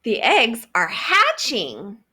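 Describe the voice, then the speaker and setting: A woman voicing a cheerful, helpful young pig in a storybook read-aloud, calm and matter-of-fact. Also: on the high side, slow pace, breathy edge, voice pushed down, exaggerated voice.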